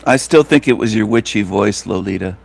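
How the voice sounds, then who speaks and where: A man's voice: fairly low pitch, brisk, vocal fry. A man hosting a show, talking in a rambling, repetitive, mocking monologue. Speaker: show host.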